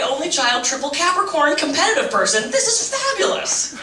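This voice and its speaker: Animated woman speaker in an echoey room. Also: fairly high pitch, recorded from a distance, a little hiss or hum. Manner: animated, jokey storytelling with self-mocking asides; shifts to slow, soft guided-meditation voice. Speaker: speaker at a fundraising breakfast. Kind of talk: motivational talk on stress with humor. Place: large event room.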